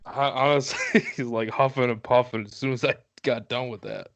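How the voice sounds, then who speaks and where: A man's voice: mid-range voice, fairly even intonation, moderate pace, a bit bright. A man co-hosting a casual podcast chat, rattling off sports stats and laughing easily. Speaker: podcast co-host.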